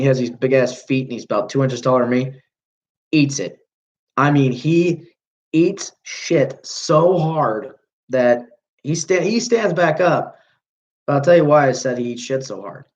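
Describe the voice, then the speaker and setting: A man's voice: medium pitch, a little mellow, lo-fi sound. A young man hosting a livestream, telling a long story casually with plenty of swearing and mid-sentence corrections. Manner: rambling, profane, self-correcting. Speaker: livestream host.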